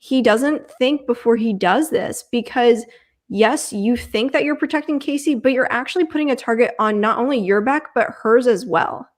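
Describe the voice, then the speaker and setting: A woman's voice: a little high, moderate pace. A woman co-hosting a reality show recap in a casual chat, giving firm opinions on the cast's choices.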